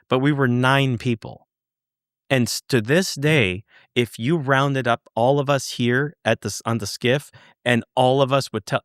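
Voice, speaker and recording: A man guest on a podcast, earnestly telling a story, halting and searching for words, swearing for emphasis. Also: mid-range voice, no echo, clean studio sound. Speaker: podcast guest, former UFO investigator. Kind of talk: conversational storytelling.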